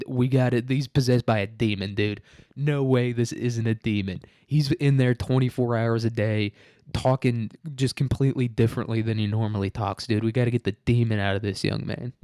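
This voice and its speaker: A man's voice: medium pitch, darkish tone, dry recording, clean studio sound. A young man with a nasal voice, rambling and swearing through a casual solo podcast rant, dropping "dude" and "like" and laughing often. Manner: says "dude" and "like" a lot. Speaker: podcast host.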